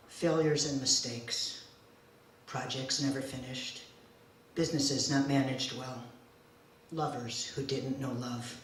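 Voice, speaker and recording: A woman in her forties telling a personal story live on stage, slow, deliberate and emotional in the first person. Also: rumbling low, a little hiss or hum. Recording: very echoey room, distant mic, faint ambience.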